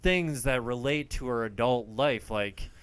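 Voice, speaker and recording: A man co-hosts a movie podcast in a smooth, clear voice. He talks slowly and easily, often just agreeing with short replies as his friend recaps the film. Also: mid-range voice, fairly bright tone. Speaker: podcast co-host. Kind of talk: casual movie review chat.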